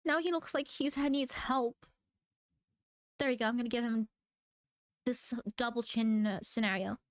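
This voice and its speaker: Casting: high-voiced woman, scatterbrained and giggly, chatting away while she sketches; dry, close mic. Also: steady tone, a little slow, no echo. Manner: giggly, scatterbrained, playful, self-mocking; bursts into squeaky exclamations. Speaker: manga artist drawing on stream. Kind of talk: rambling casual chat while drawing. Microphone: desk microphone.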